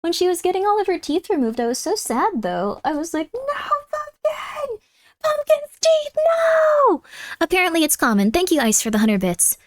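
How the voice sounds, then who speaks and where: A chatty woman streamer with a high, light voice talks with her viewers on a close mic in a dry, dead-sounding room. She slips into cooing baby talk for her cat and throws out playful mock threats. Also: very animated, quick pace, hardly any pauses, no room sound. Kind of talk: casual live-stream chat.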